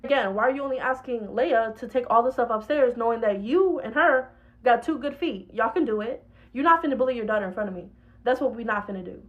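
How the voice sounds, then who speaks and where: A woman's voice: a little high, fast, narrow, tinny audio, close to an everyday voice. A woman acting out a blunt, confrontational uncle who scolds his family in a comedy skit. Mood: scolding. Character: bossy adult uncle, scolding and defensive.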